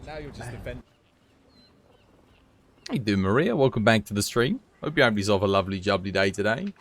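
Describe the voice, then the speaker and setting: A man streaming live and chatting casually as he plays, given to high giggling fits. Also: animated, quick pace, a bit bright. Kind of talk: live gameplay commentary.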